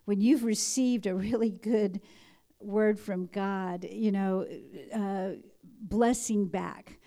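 A woman's voice: medium pitch, gravelly, mellow. A woman pastor talking to her congregation in a loose, conversational way, with many restarts. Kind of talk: sermon and announcements.

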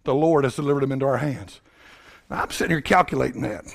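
A man from Tennessee, preaching a sermon in a folksy, animated storytelling way that swings up to shouting. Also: mid-range voice, fast talker, gravelly.

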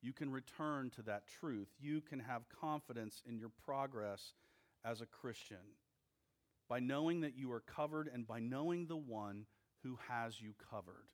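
A male pastor delivers a sermon at an unhurried, measured pace. His voice sits at a middle pitch, and he breaks his sentences into short, weighty phrases with deliberate pauses. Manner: slow, deliberate preaching with emphatic pauses.

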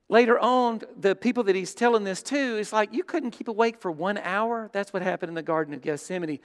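A man preaching a sermon as pastor, telling stories and dropping from loud to hushed. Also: high-pitched, clear, resonant tone. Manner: storytelling, shifts between loud and hushed. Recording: long hall reverb.

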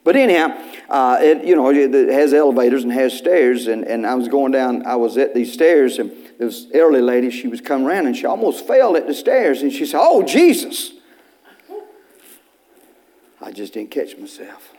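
A male pastor, preaching a sermon in church in a folksy storytelling way, with bursts of loud preaching. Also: medium pitch, animated, a little fast, few pauses.

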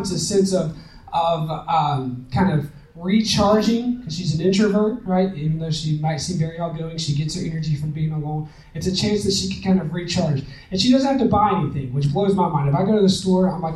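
High-voiced man preaching in an echoey room. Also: a little mellow. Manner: conversational, repeats phrases for emphasis, laughs often. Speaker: church speaker on relationships. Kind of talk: sermon-style talk. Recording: echoey room, mic at a distance.

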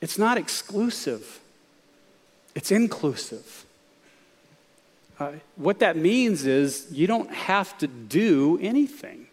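A man's voice: a little high, a little mellow, big-room sound. A man preaching a sermon in a conversational way, often asking his listeners questions. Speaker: pastor.

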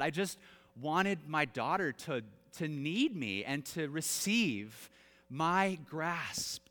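Lively preaching man in a reverberant hall. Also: a little high. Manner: animated, self-deprecating, with laughs and acted-out quotes. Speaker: pastor. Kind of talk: storytelling sermon. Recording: long reverb in a large hall.

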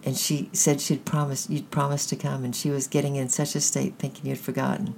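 A storyteller voicing a kind, anxious mother who fusses gently over a child. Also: mid-range voice, level tone, a little fast, vocal fry, a little hiss or hum, lightly acted. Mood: relieved.

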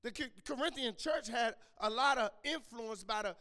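High-voiced preacher in a reverberant hall. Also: male voice, normal speed. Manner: repetitive stammering restarts, names congregants, builds to shouting. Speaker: pastor. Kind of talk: sermon. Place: church sanctuary.

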